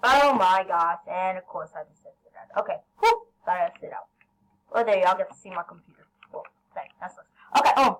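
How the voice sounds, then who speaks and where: A woman commentating her own gameplay, excitable, yelling at teammates and then apologizing. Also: medium pitch, brisk, a little hiss or hum, rough recording. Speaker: gaming channel host.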